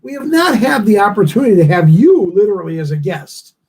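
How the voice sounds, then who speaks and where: A male talk show host with a high, husky voice. He teases his guest playfully in casual chat. His pitch swings up and down in a lively way. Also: a little fast.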